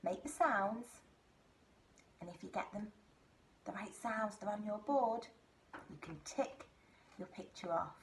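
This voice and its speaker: Sing-song nursery teacher, slow and lively. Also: female voice, mid-range voice, slight background noise. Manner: slow, sing-song, exaggerated talk to small children. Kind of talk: phonics lesson for young children.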